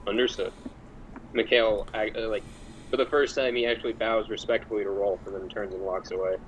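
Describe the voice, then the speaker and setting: A man plays a priest in a tabletop role-playing session. His voice is low and his speech halting, with light background noise under the recording. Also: little pitch movement, low-quality recording. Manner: halting, with frequent fillers and restarts. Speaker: player.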